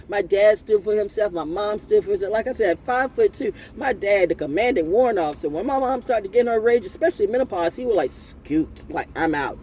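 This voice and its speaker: A middle-aged woman rants at length, her pitch leaping up and down as she swears and breaks into laughter. Faint noise sits behind her voice. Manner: animated and profane, laughing often. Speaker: vlogger. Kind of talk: unscripted ranting monologue.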